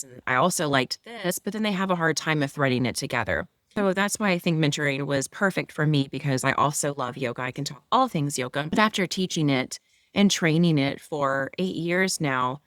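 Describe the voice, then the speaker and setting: A woman with a mid-low, even voice talks as a guest yoga mentor, her explanations flowing and eager. The sound is dry and close, with no room around it. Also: no room sound. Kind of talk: interview conversation.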